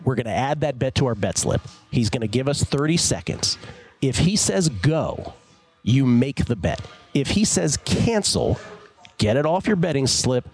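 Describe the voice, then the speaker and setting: A man hosting a sports betting radio show, with a voice at a middle pitch. He talks casually and goes slowly over the bet numbers so that listeners can follow. Faint music plays behind him. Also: sing-song, slightly rough. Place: broadcast studio at a casino bar.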